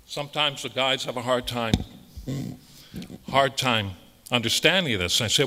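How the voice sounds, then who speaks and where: Priest guy preaching, bright forceful voice, blunt and emphatic, long hall echo. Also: mid-range voice, normal speed, long pauses. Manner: emphatic, blunt, repeats phrases for stress. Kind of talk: conversational sermon.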